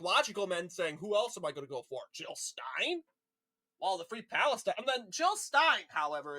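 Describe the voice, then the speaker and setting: Animated, indignant male political ranter. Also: sits high. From Minnesota. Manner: indignant, combative, rhetorical questions. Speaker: political commentator. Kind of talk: opinionated political rant.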